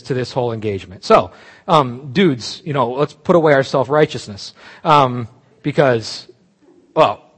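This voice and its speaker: A pastor delivers a sermon with lively, swinging pitch, leaping up for emphasis and then dropping low. His voice is slightly husky. The sound rings with a long reverb, as in a church hall. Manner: animated, emphatic, with restarts and asides.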